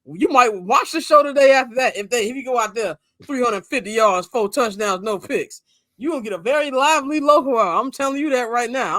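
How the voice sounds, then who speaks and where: A man hosting a casual sports talk podcast, animated, swinging between loud and soft, swearing casually. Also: extremely high pitch, no echo. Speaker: podcast host.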